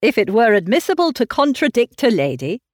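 Eine Frau spielt einen schmeichelnden jungen Verehrer. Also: female voice, a little high, fairly quick, no echo, studio quality, voice pushed up. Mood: flattering. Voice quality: effusive, flattering. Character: gallant, fawning young gentleman suitor. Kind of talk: audiobook character reading.

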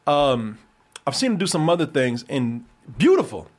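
A man hosting a podcast, chatting casually about a movie, animated and profane, laughing often. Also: medium pitch, moderate pace. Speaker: podcast host. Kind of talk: casual movie review chat.

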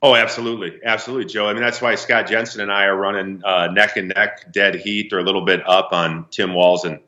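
A man's voice: sits low, flat delivery, fast, bright, forceful tone. A man from Minnesota in his forties, a political candidate speaking as a radio guest in an earnest, folksy way. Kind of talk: remote radio interview. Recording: echoey, dull remote line.

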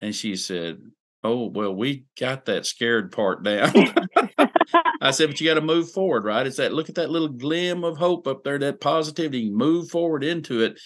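A man's voice: medium pitch, lively intonation, normal speed, fairly bright tone. A man hosting a podcast, talking in an earnest, encouraging way and telling stories in a casual chat. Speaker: podcast host.

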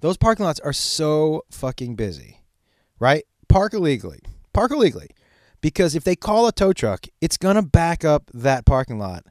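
A middle-aged man telling a profane, animated comedic story about his son. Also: fairly high pitch, moderate pace, no room sound, studio quality. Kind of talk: stand-up style storytelling.

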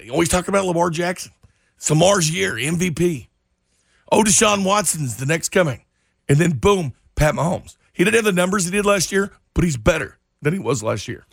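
A male co-host breaking down the game on a sports talk show. His voice is slightly high with a gravelly edge. He tells it with emphatic, animated energy. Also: a little fast, no echo, studio quality. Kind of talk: sports talk radio analysis.

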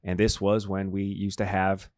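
A man's voice: low-pitched, monotone, normal speed, a little mellow, no echo, studio quality. A man co-hosting a podcast in casual chat, bantering in a playful, teasing way. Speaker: co-host.

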